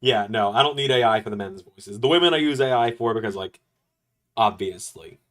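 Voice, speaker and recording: A man hosting a live stream, chatting casually with quick, joking asides as he reacts. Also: lowish voice, fairly bright tone. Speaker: streamer host.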